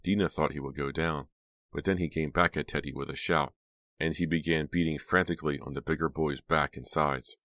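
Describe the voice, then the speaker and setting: A man reading an audiobook aloud in a steady, measured way. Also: extremely low pitch, dry recording. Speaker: audiobook narrator. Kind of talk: scripted audiobook narration.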